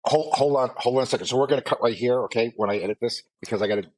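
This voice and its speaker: A man's voice: mid-range voice, very fast, darkish tone. A middle-aged man with a mild Maine accent, co-hosting a podcast in a loose, rambling chat full of fillers and asides. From Maine, USA. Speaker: podcast co-host. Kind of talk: casual chat.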